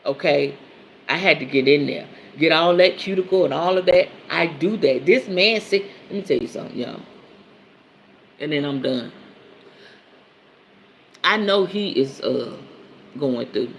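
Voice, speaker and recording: With a low, gravelly voice and a measured pace full of long pauses, this podcast host and women's counselor laughs her way through a candid storytelling monologue. She addresses listeners directly as "y'all," over slight background noise.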